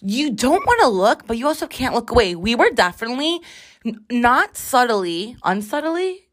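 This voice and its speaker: A woman's voice: a little high, very animated. A young adult woman hosting a casual podcast with her sister, joking and chatty, recorded on a bathroom floor. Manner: bubbly, joking, quick to plug her socials. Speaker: podcast host. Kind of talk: casual chat.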